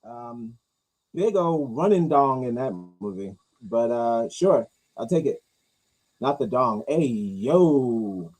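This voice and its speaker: A man hosting a casual talk, rambling through movie news with crude jokes and mumbled low asides. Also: animated, slow pace, a little mellow, poor audio. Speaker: host reacting to movie news. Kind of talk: casual chat.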